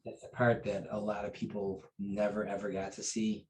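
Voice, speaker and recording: A man's voice: little pitch movement, normal speed, a little hiss or hum, poor audio. A man, a martial arts instructor, telling a personal story in a casual interview. He rambles, with fillers and restarts. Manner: acts out quoted dialogue with raised pitch and volume.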